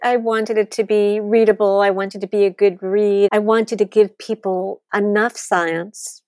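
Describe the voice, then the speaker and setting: A woman author and interview guest, talking in an animated, blunt way and swearing freely as she tells stories. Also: mid-range voice, measured pace, dry recording, clean studio sound. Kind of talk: storytelling interview talk.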